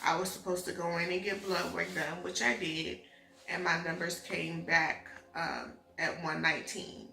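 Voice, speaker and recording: A young woman with a bright, slightly low voice tells a personal story in a relaxed, chatty way, acting out the back-and-forth as she goes. She sounds like she is in an echoey room, with faint music underneath. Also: normal speed, creaky. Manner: emotional, animated retelling with quoted dialogue. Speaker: vlogger telling her pregnancy story. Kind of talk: casual storytime chat.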